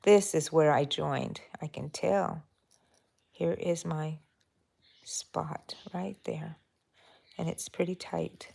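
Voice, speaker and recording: Gravelly-voiced woman chatting while crocheting. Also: deep voice, fairly even intonation, slow pace, pauses often, a little mellow, slight background noise. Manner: rambling, thinking aloud with fillers. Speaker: crochet channel host. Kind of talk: casual live-stream chat while crocheting.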